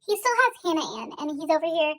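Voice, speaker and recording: A woman's voice: extremely high pitch, very animated, fast, a bit bright. A young woman chatting casually into her phone, reacting to a TV finale, giggly and exasperated, full of likes and y'alls. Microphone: phone held at arm's length.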